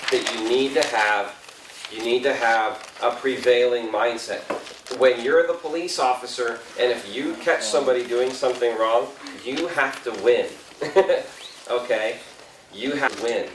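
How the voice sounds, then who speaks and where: A man's voice: mid-range voice, noisy background. A middle-aged man giving a storytelling talk to a youth group, self-deprecating, chuckling often and asking the audience questions. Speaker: youth confirmation speaker. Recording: echoey room, voice from far off.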